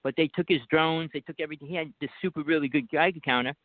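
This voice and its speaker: A man's voice: on the high side, steady tone, quick pace, dry recording. Insistent New Jersey man over the phone. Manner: rambling, insistent, talks over others. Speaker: guest caller. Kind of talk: casual talk show chat. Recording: dry tinny phone line.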